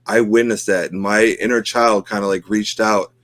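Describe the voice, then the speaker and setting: A middle-aged man co-hosts a podcast, chatting casually in an emotional, rambling way packed with fillers. His voice sits fairly low with a steady, fairly bright tone, moving at a moderate pace with no echo.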